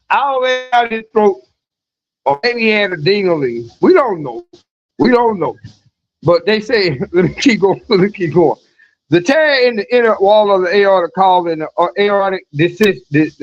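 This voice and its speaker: A man with a high-pitched voice hosts a live news stream, reading articles aloud. He keeps breaking off into loose, mocking commentary with chuckles and restarts. The audio is dull and lo-fi.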